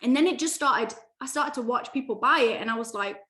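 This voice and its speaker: A woman speaking as a guest in a casual interview, upbeat and animated, talking in quick bursts with frequent restarts. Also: on the high side. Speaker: guest, mindset coach. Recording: echoey room.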